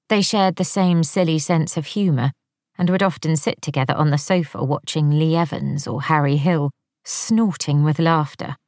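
A woman narrating an audiobook in a measured, wry storytelling manner. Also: deep voice, darkish tone, no echo, studio quality.

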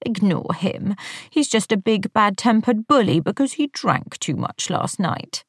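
A woman's voice: medium pitch, animated, unhurried, fairly bright tone, dry recording, studio quality, pitched above the performer's own voice. Woman doing a grating baby-talking wife. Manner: grating little-girl baby talk. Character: fussy middle-aged wife cooing at her cat.

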